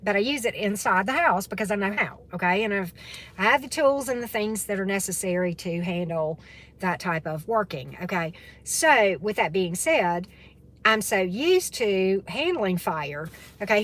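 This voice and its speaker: A woman's voice: mid-range voice, a bit bright. A woman chatting casually with her livestream viewers as a tarot reader and spiritual coach, often tagging on "right?" and "okay?".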